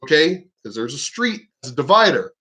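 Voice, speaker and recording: A man's voice: fairly high pitch, very animated, brisk, sharp tone. A man ranting on his vlog, heated and profane. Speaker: vlogger. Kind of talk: casual rant.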